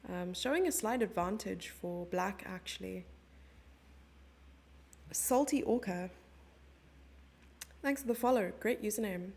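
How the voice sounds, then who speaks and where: A woman's voice: mid-range voice, a little slow, gravelly, pauses often, a little mellow. A young South African woman commentating a chess stream live and chatting with her viewers in a giggly, casual way. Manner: chatty, giggly, reads chat messages aloud.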